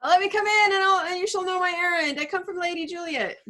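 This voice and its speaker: A woman reading aloud as a fussy, chattering old female nurse in a casual play reading, in a high exclaiming voice. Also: steady tone, fast talker, bright, forceful tone. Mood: fussing.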